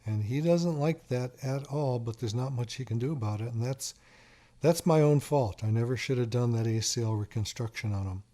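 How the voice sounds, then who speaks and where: A man's voice: medium pitch, mellow. A middle-aged man hosting a call-in radio talk show as a doctor, chatting and telling stories in a casual way. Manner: chatty, storytelling, repeats phone number slowly.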